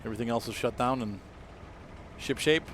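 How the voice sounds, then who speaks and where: A man's voice: mid-range voice, fairly quick, a little hiss or hum. A young American man chatting casually with viewers while playing a game, rambling with lots of fillers. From United States. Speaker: streamer. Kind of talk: casual gameplay chat with viewers.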